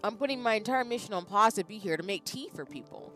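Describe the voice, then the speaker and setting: A woman's voice: medium pitch, expressive, fast talker, bright, forceful tone, soft background music, voice pushed up. A woman voicing Alta, a stubborn, rule-bound young woman fighter, speaking in an indignant, insistent way.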